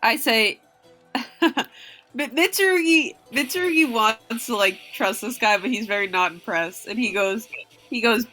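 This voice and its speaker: A woman's voice: on the high side, unhurried, bright, forceful tone, soft background music. A woman playing in a tabletop game, speaking as her character in a blunt, sassy way. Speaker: player. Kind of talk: tabletop role-play.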